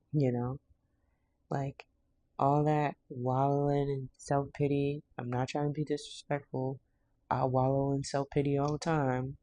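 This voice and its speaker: Mellow, blunt, slangy tarot reader. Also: medium pitch. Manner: laughs often. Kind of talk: casual tarot reading.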